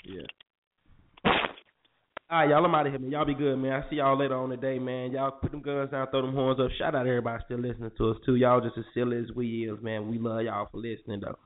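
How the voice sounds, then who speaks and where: A man's voice: medium pitch, little pitch movement, quick pace. A man co-hosting a morning talk show, joking playfully with friends in casual banter. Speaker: radio show co-host. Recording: tinny phone line with faint noise.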